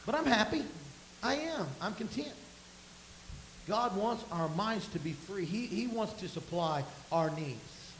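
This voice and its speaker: High-voiced preacher, folksy sermon. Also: male voice, expressive, measured pace, a bit bright. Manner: folksy storytelling, rising to emphatic bursts. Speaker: pastor. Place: church sanctuary. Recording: echoey room with faint hiss.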